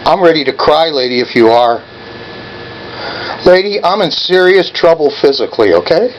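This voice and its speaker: In an angry phone call to an office, a man in his seventies berates and badgers whoever picks up. His voice runs on the high side and sounds animated at a moderate pace. The audio is dull, with slight background noise.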